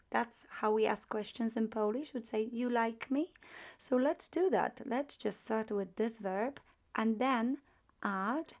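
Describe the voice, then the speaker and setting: A woman teaching a grammar lesson, patient and methodical, repeating practice phrases slowly and with emphasis. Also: on the high side, darkish tone. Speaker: language teacher. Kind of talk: grammar lesson with spoken drills.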